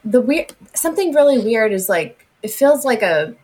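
A woman as a podcast guest, chatty and quick to laugh, thinking out loud. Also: fairly high pitch, very animated. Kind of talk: casual chat.

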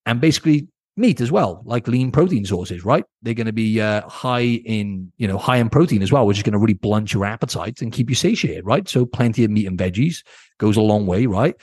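A man's voice: medium pitch, darkish tone, no echo, clean studio sound. A man hosting his own podcast as a coach, giving blunt, casual advice and often checking in with "right?". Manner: blunt, casual, keeps asking "right?", swears. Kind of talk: solo podcast advice talk.

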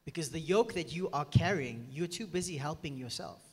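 A man's voice: a little high, a little fast, breathy edge. Emphatic male preacher in an echoing hall. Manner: emphatic, keeps asking "are you with me". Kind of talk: sermon. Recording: long reverb from a hall.

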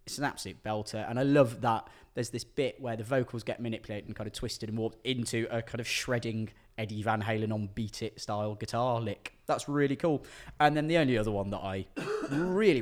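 A man co-hosting a music podcast, chatting in an easygoing, self-deprecating way as he reviews an album. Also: on the low side. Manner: self-deprecating, easygoing, restarts when tongue-tied. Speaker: podcast co-host. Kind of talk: casual music review chat.

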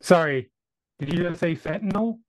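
A man's voice: high voice, lively intonation, normal speed, no room sound. A man playing a tabletop game who asks careful questions. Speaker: player.

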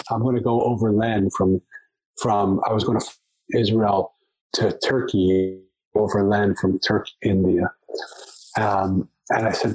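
A man's voice: fairly low pitch, a little mellow, husky, poor audio. A man, a podcast guest, telling a long story in conversation, often restarting and repeating words as he goes.

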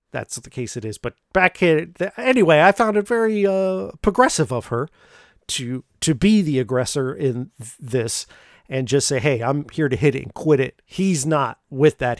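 A man with a fairly high voice talks through a film plot in a loose, joking way. He keeps restarting his sentences. The sound is dry and close to the mic. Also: no room sound. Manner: animated, joking, frequent restarts. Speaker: podcast host reviewing films. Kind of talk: casual film recap.

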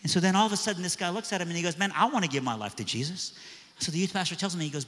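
Bright-voiced preacher man in a big hall. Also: sits high, very fast. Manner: animated, acts out quoted voices. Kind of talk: sermon storytelling. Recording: long reverb of a large hall.

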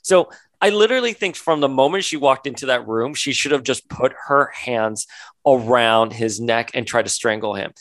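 A man co-hosting a comic book podcast in a relaxed, joking chat. His voice sits in a middle register, and it jumps up high whenever he mocks a character. The sound is close and dry. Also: normal speed, dry recording. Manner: animated, jokey, pitch jumps up when mocking characters. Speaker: podcast co-host. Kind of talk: casual chat reviewing comics.

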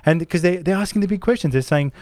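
A man's voice: sits high, racing, a little mellow, no room sound. A man co-hosting a casual film podcast, talking enthusiastically and rambling with frequent asides and swearing. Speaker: podcast co-host.

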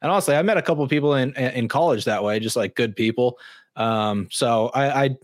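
A man's voice: mid-range voice, a little fast, no echo, clean studio sound. A young man co-hosting a casual podcast, telling stories with lots of fillers and restarts. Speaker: podcast co-host. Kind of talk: casual chat.

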